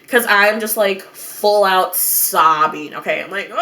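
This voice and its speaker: A young woman vlogger telling a dramatic story in an animated, over-the-top way, swearing now and then. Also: mid-range voice, unhurried, few pauses. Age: young adult.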